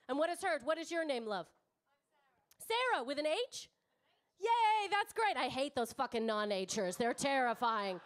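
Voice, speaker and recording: Woman stand-up, thirties, high bright voice, brash and crowd-chatty, swears freely. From Canada. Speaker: stand-up comedian. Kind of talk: stand-up comedy set. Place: comedy club stage.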